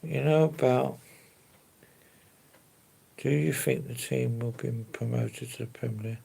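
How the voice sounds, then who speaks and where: A man's voice: medium pitch, fairly even intonation, a little slow, gravelly, mellow, slightly rough. A man chatting casually on a live stream, answering viewers in an easygoing, rambling way. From London. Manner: easygoing, rambling, fillers and hedges like to be honest.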